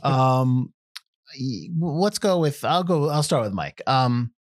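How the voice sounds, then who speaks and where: A man co-hosting a casual film review podcast, rambling and getting animated as he argues his points. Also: mid-range voice, takes it slowly, no echo, clean studio sound. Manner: rambling, animated when ranting.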